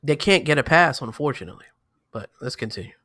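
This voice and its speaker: Bright-toned New man in casual chat. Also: mid-range voice, lively intonation, fast talker, no echo, clean studio sound. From New York. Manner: loose, boastful storytelling with slang. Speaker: podcast co-host.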